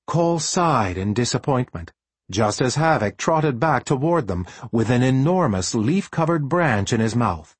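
Husky expressive male audiobook narrator. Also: mid-range voice, normal speed, no echo. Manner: expressive storytelling. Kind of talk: scripted narration.

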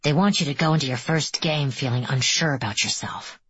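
A woman's voice: rumbling low, brisk, a bit bright, slightly rough, lo-fi sound, heavily acted. A woman reading the part of a confident young male team captain in an audiobook, commanding and scheming. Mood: assured.

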